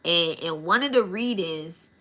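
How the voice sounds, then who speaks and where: A woman tells a personal story to her viewers in a loose, animated way, swearing freely and calling out to them as y'all. Her voice sits a little low for a woman but has a sharp, bright edge. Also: a little slow. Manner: animated, profane, addresses listeners as y'all. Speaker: spiritual channel host.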